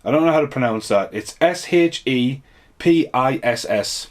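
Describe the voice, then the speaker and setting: A man's voice: medium pitch, animated, moderate pace. A man giving a casual, rambling, jokey movie review.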